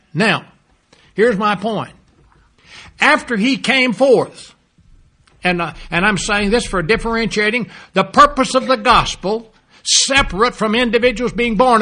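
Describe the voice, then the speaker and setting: A man preaching a sermon, emphatic, repeating key phrases and dropping low and soft toward the close.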